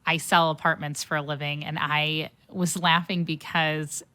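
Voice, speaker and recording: A woman's voice: deep voice, little pitch movement, normal speed, bright, forceful tone, clear, resonant tone. Chatty young woman podcast host. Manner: chatty, laughing, many fillers. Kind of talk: casual interview chat.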